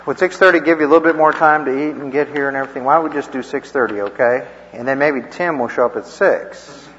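A man's voice: medium pitch, fast, a bit bright, a little hiss or hum. Folksy man teaching in an echoey hall. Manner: rambling, folksy, chuckling asides. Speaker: church class teacher. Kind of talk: informal teaching with stories. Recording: echoey, dull lo-fi room recording.

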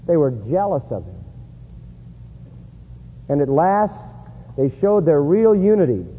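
A man preaching a sermon in an emphatic style, rising high and loud to stress points. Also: very animated, measured pace, slightly rough. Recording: echoey hall on a tinny lo-fi line.

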